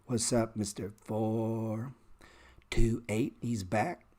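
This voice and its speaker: Blunt, profane male trading host. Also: very slow. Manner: animated rants that jump in pitch and volume. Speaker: stock trading livestream host. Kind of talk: casual livestream chat.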